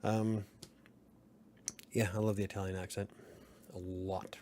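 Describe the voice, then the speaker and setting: A man's voice: fairly low pitch, level tone, a little slow, dark tone, a little hiss or hum. A man hosting a casual late-night livestream, rambling, chuckling and answering chat comments. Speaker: livestream host.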